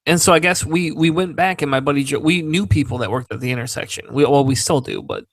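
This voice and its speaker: A man on a casual podcast telling a story with lively energy, swearing freely and acting out the voices of the people in it. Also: on the high side, fast, no room sound. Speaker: podcast co-host.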